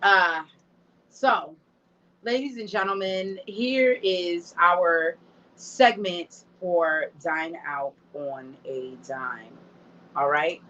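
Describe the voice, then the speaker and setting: A woman's voice: on the low side, extremely slow, fairly bright tone. A woman hosting a casual online show, talking straight to the audience and openly moved. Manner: emotional, talks to the audience directly. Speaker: host. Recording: dull lo-fi stream audio.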